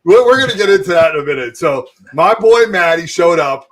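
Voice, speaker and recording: A man hosting a livestream chat, upbeat and full of shout-outs to friends. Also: fairly high pitch, expressive, brisk. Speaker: host. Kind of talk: casual chat.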